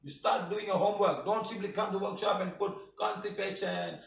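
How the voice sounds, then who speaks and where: A man with a fairly high voice lectures his students, scolding them and firing rhetorical question after question. He sounds set back from a dull-sounding mic. The room around him is echoey and hollow. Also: fairly even intonation, brisk, vocal fry, far from the mic. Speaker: healing workshop teacher. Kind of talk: live online workshop talk.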